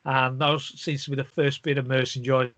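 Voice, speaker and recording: A man's voice: mid-range voice, level tone, moderate pace, a bit bright, no room sound. A man co-hosting a podcast over a video call, chatting casually and sounding flustered as he explains his microphone trouble. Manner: flustered, explaining a tech problem. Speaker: podcast co-host.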